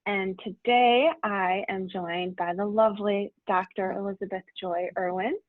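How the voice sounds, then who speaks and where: A woman's voice: mid-range voice, fairly even intonation, unhurried, no room sound. A woman hosting a casual webinar interview, chatty and friendly, with lots of fillers. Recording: tinny dry phone-like audio.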